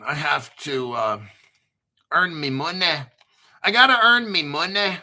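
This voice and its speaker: A man's voice: fairly high pitch, very animated, unhurried, pushed and bright. A male host giving casual livestream commentary in a brash, profane, joking hype manner. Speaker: crypto show host.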